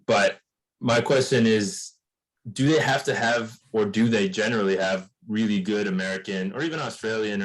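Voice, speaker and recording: A man with a lowish voice asks a question on a video call. He is polite and a little hesitant, and he often stops and restarts his sentences. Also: poor audio. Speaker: course member asking a question. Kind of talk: casual Q&A chat.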